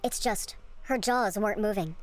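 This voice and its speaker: A woman's voice: mid-range voice, normal speed, faint music behind. A woman streamer reading a horror game's story aloud, breaking off into joking, laughing asides. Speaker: gaming streamer. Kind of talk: reading a game aloud with reactions.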